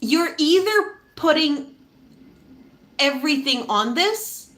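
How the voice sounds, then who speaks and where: A woman reads tarot in a loose, conversational way, laughing and cursing freely as she talks. Her voice sits high and bright. It leaps up and down constantly. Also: slow. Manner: animated and chatty, laughs often, swears casually. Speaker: tarot reader. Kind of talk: casual pick-a-card tarot reading.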